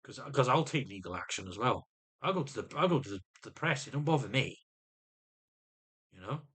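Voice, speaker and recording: A man's voice: medium pitch, lively intonation, brisk, fairly bright tone, slightly rough. A middle-aged man in an agitated personal rant to camera, often stumbling and repeating words as he vents. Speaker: vlogger.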